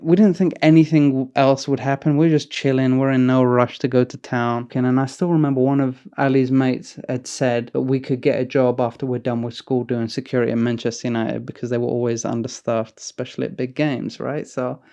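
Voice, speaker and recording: A man's voice: mid-range voice, little pitch movement, brisk, few pauses, dark tone, clean tone. A young man telling a crude, sweary, comic story in a casual storytime vlog.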